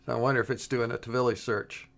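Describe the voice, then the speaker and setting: A man presenting a coding tutorial in a relaxed, halting way, with frequent pauses and restarts as he works through the demo. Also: mid-range voice, gravelly. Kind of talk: screen-recorded coding tutorial.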